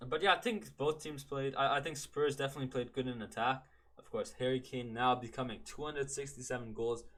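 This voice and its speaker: A man from Canada hosting a football podcast alone, chatting casually, rambling, correcting himself and saying "man" often. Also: mid-range voice. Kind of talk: casual solo podcast chat.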